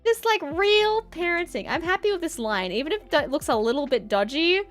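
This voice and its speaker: A woman's voice: extremely high pitch, animated, moderate pace, a bit bright, soft background music. A young woman streaming as an artist, chatting casually and giggling while she draws, with playful, melodramatic outbursts.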